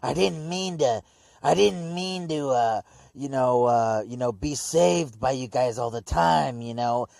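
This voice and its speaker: A man's voice: mid-range voice, a little slow, gravelly, darkish tone, no echo, studio quality. A man loosely voicing a young male warrior who rambles apologetically, full of slang and fillers. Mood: sheepish.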